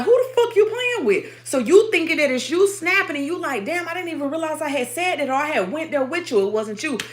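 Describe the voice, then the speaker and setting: A woman's voice: high voice, fairly bright tone. Emphatic woman preaching affirmations. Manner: emphatic, repetitive affirmations with profanity. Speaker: spiritual livestream host. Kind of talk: motivational spiritual sermon.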